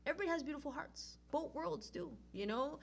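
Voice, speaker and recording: A woman telling a personal story in a casual, animated way, acting out the dialogue. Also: high-pitched, fast, gravelly. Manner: animated, acts out quoted dialogue.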